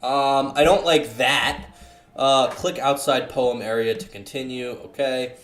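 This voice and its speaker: A man's voice: mid-range voice, steady tone, a little slow, a bit bright, echoey room. A man playing through a visual novel, joking and swearing with sarcastic commentary. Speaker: gaming YouTuber. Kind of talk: let's play commentary.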